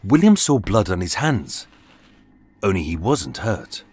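Husky, low-voiced male true-crime narrator; dramatic, lively pitch, measured scripted delivery. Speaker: podcast narrator. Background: faint music.

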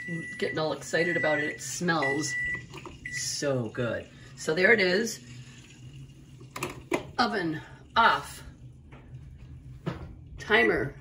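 Woman, cooking-video host, lowish voice, chatty step-by-step delivery straight to viewers, faint hiss behind, home kitchen. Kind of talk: casual cooking demonstration.

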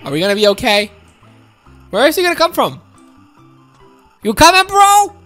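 A woman giving excited, exclaiming commentary while playing a video game and talking to her viewers. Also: high voice, moderate pace, soft background music. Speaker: gaming video host.

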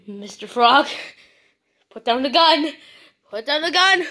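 A woman acting out a playful comedy skit, talking theatrically and swinging between chatty and panicked shouting. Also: high-pitched, animated, slow pace, long pauses.

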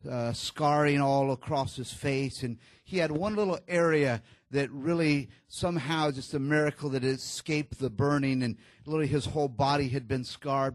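A man preaching a sermon, telling a story in a low, hushed voice at the tender moments and rising louder when he exhorts, with many fillers and restarts. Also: dry recording.

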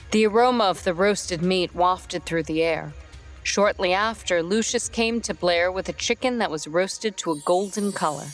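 Low-voiced woman narrating a story. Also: moderate pace, a bit bright, soft background music. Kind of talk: scripted narration.

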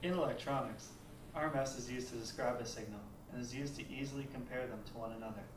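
A man's voice: medium pitch, quick pace, noisy background. A young man reading lines of a student-made electronics lesson from a script. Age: young adult. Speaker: student presenter. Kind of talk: scripted narration. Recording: roomy, from far off the mic.

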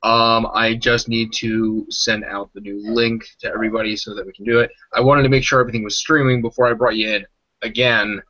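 A man's voice: medium pitch, level tone, fairly quick, sharp tone. A man hosting a live gaming stream, chatty and rambling, laughing often. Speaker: show host. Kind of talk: casual live-stream interview. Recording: slightly dull lo-fi audio.

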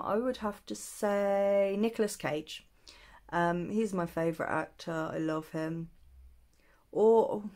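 A young woman chatting through a makeup tutorial, answering questions aloud with many pauses and ums. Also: mid-range voice, darkish tone. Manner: thinking aloud with many ums, self-teasing. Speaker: beauty vlogger.

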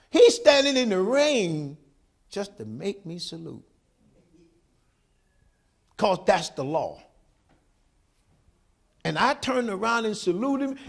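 A man's voice: high-pitched, vocal fry, fairly bright tone. A man preaching a sermon with passion, calling out to the congregation for responses. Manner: impassioned preaching with call-and-response. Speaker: pastor.

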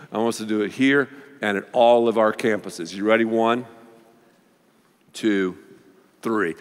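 A man preaching a sermon as pastor, with an animated, playful manner. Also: on the low side, moderate pace, long pauses. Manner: animated, playful, leads the congregation in call-and-response. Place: large church auditorium. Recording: long reverb of a large church hall.

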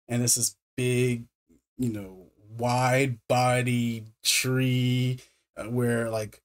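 A man reviewing a film in a casual recap, stammering and repeating words with many fillers. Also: medium pitch.

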